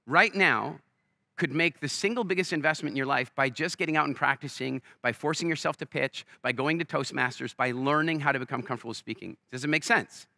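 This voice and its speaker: A slightly high, creaky-voiced man talks briskly as a keynote speaker at a festival, delivering motivation through lively stories. He performs the quoted voices of his characters, and the sound is free of echo.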